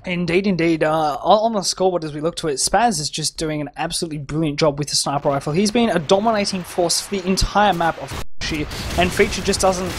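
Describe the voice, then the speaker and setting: A man casting a live shooter match over an internet voice link, excitable, laughing often and tripping over repeated words. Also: sits high, background noise. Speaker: esports caster. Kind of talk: live game commentary. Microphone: home internet voice chat.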